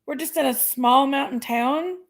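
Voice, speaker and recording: A woman with a high voice talks at a moderate pace while hosting a livestream. Chatting casually, she tells a story, vents a bit, and thanks her viewers.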